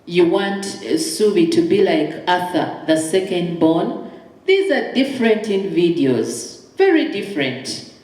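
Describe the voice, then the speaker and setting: A middle-aged woman speaks slowly and deliberately, her voice sitting a little low. She gives parenting advice as a counseling psychologist, emphatic and fond of acting out short exchanges. The sound is very echoey, as if in a bare room. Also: very animated, darkish tone. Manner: emphatic, acts out short dialogues. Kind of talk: conversational advice talk.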